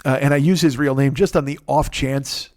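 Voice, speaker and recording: A man's voice: mid-range voice, steady tone, normal speed, darkish tone, no echo, studio quality. A man in his forties hosting a comedy podcast, telling a rambling, profane story with lots of restarts. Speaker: podcast host.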